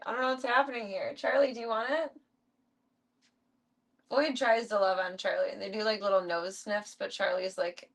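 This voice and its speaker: Chatty young woman with a gravelly voice. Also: normal speed, fairly bright tone. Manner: chatty, talks to her pets in a high coaxing voice. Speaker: streamer. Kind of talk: casual chat while feeding pets.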